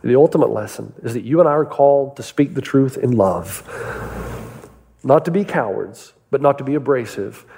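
A man preaching a sermon, telling stories and asking his listeners rhetorical questions in an animated way. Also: medium pitch, normal speed, gravelly, breathy edge, long reverb tail. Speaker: pastor.

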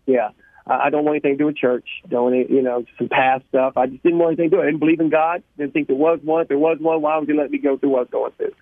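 A man from Louisiana, telling his life story as a radio guest, animated and laughing, often repeating words. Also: on the high side, rapid-fire, no room sound. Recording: tinny phone line, dry.

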